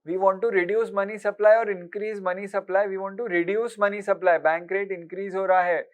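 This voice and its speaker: A man giving an exam-prep lecture, briskly quizzing listeners with repeated rhetorical questions and mixing with Hindi. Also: high voice, fairly even intonation. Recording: dull lo-fi recording.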